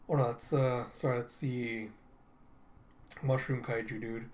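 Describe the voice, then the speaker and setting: A young adult man hosting a casual manga reaction, retelling the panels in a relaxed, chatty way with fillers. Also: medium pitch, a little slow. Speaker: reaction channel host. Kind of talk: casual manga reading and commentary.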